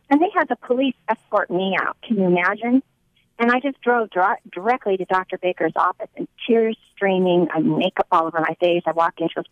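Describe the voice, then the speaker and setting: A woman's voice: fairly low pitch, dry recording, lo-fi sound. A woman giving a personal testimony, telling her story earnestly and acting out the dialogue as she recounts it.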